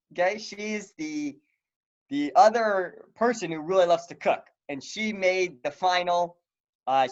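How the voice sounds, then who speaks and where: High-voiced man chatting with fillers. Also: lo-fi sound. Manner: animated, laughing, lots of fillers. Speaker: podcast co-host. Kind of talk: casual chat.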